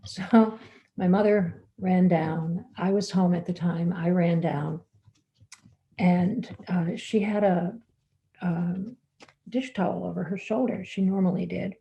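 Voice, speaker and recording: Slow, gravelly woman storyteller. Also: fairly low pitch, steady tone, lo-fi sound. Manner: unhurried, halting, with fillers and restarts. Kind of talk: live personal storytelling.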